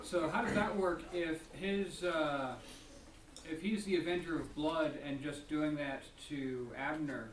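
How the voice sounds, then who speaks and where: A man in a church study group puts a hesitant question to the teacher, pausing to gather his thoughts. He is heard from across a roomy space, with a faint hum underneath and his voice a little high for a man. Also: recorded from a distance. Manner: hesitant, thinking aloud with fillers. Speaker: Bible study attendee asking a question.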